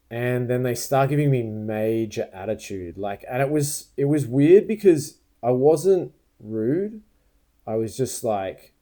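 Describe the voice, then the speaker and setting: A man's voice: mid-range voice, normal speed, warm tone. A man vlogging a rambling, aggrieved story to camera, acting out what he and others said. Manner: rambling, aggrieved retelling with quoted asides.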